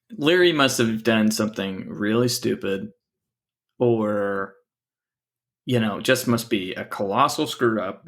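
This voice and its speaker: A man's voice: medium pitch, fairly bright tone. A man co-hosting a sports podcast, talking in an exasperated, sarcastic way with frequent stammers. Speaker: podcast co-host. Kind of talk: casual sports chat.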